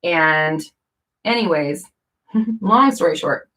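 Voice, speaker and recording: Rambling casual woman with a lowish voice. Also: moderate pace, a bit bright. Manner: rambling, lots of fillers and self-corrections. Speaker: vlogger. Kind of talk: casual talk to camera.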